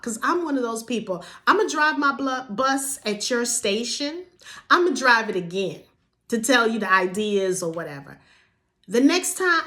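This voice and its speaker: High-voiced woman ranting emphatically. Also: bright, forceful tone. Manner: emphatic, repeats rhetorical questions; casual vernacular, sudden jumps in pitch. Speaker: vlog host. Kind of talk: passionate monologue to camera.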